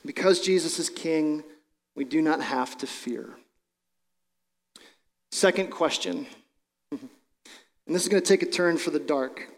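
A male pastor with a high voice preaches in a conversational, explanatory way. His voice carries a long reverb, as in a large church hall. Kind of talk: sermon.

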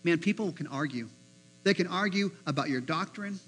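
A man preaching a sermon as pastor, animated, acting out the voices he quotes. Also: on the high side, moderate pace, slightly rough, rough recording.

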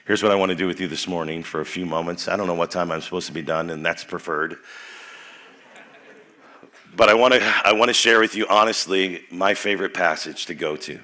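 A young man preaching at a youth rally, energetic and playful, leading the crowd in chants, his voice a little worn. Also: low-pitched, brisk. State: voice a bit worn. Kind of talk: sermon with crowd call-and-response.

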